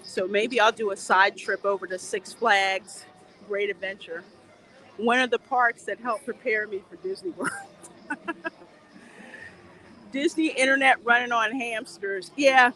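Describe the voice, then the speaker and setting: A woman with a slightly high, pushed and bright voice hosts a casual livestream while walking outdoors in a theme park. She talks a little slowly and pauses often, laughing frequently and reading viewer comments aloud against faint outdoor noise.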